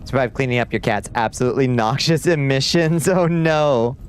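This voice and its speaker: A man hosting a livestream, giving excitable, casual gameplay commentary, chatting with viewers and swearing and yelling when frustrated. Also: mid-range voice, moderate pace, faint music behind. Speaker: livestream host.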